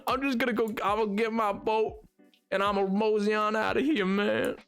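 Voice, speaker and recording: A man putting on a slow, mopey cowboy drawl while streaming a game. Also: sits high, fairly bright tone, faint music behind.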